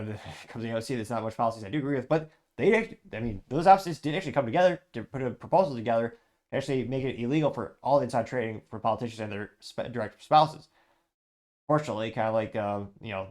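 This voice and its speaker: Rapid-fire male political podcast host. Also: medium pitch. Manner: rapid, casual, rambling with asides and fillers. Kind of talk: political news commentary.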